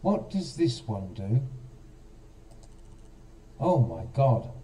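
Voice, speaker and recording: Slow, dark-voiced man streaming live. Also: mid-range voice, big pitch swings, far from the mic, a little hiss or hum. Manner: chatty, talks straight to chat, self-mocking. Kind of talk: casual live stream, quizzing viewers in chat.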